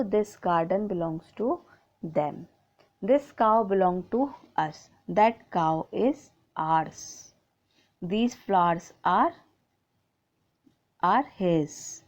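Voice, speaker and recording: A woman's voice: mid-range voice, vocal fry, a little mellow, muffled recording. A woman teacher with an Indian English accent, patiently working through grammar exercises from a school book, reading out sentences and repeating the answers. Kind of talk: explaining textbook grammar exercises.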